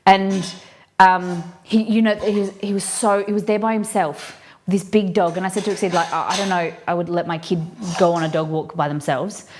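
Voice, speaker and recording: A woman's voice: mid-range voice, slight background noise. A woman hosting a live cooking stream, chatting and rambling through stories with lots of fillers as she cooks. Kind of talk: casual chat while cooking. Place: home kitchen.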